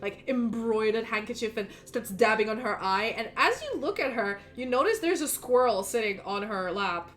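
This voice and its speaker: A woman's voice: on the high side, animated, moderate pace, hardly any pauses, fairly bright tone, slight background noise. A woman narrating as game master of a tabletop role-play, casual and giggly. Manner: casual, giggly, restarts often.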